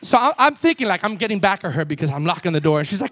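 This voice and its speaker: A middle-aged man, a pastor, preaching a sermon in an animated way, swinging from loud peaks to low asides. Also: moderate pace, hardly any pauses. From Cuban background.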